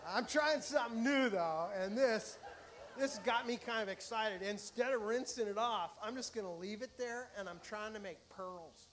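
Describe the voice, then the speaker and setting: High-voiced male stand-up comic. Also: moderate pace, noisy background. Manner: animated, mock-excited storytelling. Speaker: stand-up comedian. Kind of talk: stand-up comedy set.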